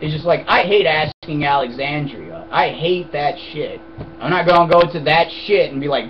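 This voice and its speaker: A man's voice: a little high, lively intonation, moderate pace. A young man in a casual vlog, answering viewer questions in a blunt, profane, rambling way. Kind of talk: casual rant to camera. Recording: dull lo-fi webcam audio with noise.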